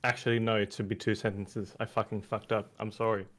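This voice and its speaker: A young man on a group call, fussy about wording and quick to apologise. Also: on the low side, little pitch movement. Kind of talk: casual group chat over voice call.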